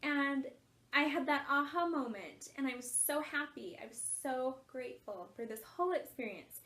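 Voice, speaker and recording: High-voiced woman, earnest life coach. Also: normal speed, fairly bright tone. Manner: earnest and emotional, laughs often while telling. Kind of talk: personal storytelling talk.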